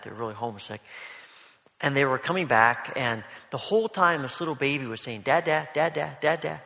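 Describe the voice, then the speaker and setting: A man preaching a sermon, telling a story in a gentle, conversational way with soft asides. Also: mid-range voice. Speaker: pastor. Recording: long hall reverb.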